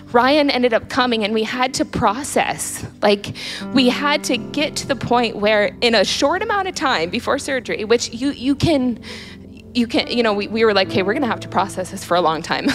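A woman's voice: on the high side, a bit bright. A woman in her thirties telling a candid personal faith story. She laughs often and restarts her sentences. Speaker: guest sharing a personal story.

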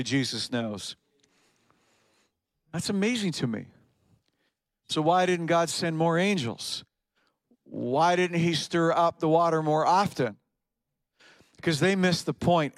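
A man with a high, bright-toned voice preaches a sermon to his congregation, building up into shouted, fervent emphasis. His voice is recorded close and dry, with almost no room sound. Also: dry recording. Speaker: pastor. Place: church service in front of a congregation.

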